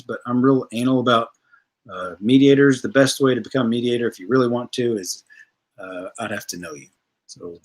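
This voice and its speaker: A man's voice: medium pitch, husky. A man, hosting a livestream, ranting bluntly and profanely while reading viewer comments. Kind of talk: casual livestream rant.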